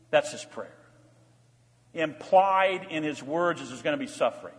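An older male pastor preaches with earnest, swelling emphasis. His voice sits high for a man, and it rings out with a long reverb through the church sanctuary. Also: lively intonation, normal speed. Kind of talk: sermon.

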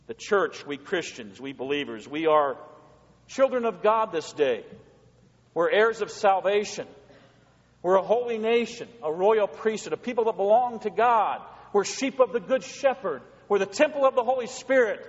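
A male pastor preaching a sermon in a church, folksy and repetitive, building up to rhythmic lists. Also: sits high. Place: church sanctuary. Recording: long hall reverb, dull lo-fi sound.

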